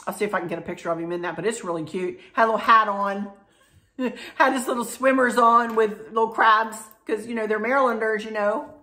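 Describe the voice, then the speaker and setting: A woman's voice: on the high side, fairly quick, pushed and bright. Emotional chatty woman vlogger. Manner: emotional, chatty, trails into restarts. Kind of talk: casual chat to camera.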